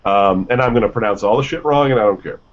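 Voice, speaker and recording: A man's voice: lowish voice, fast. A man hosting a casual gaming news radio show, reading lists and headlines with offhand asides and stumbles. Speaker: news host. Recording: dull lo-fi sound.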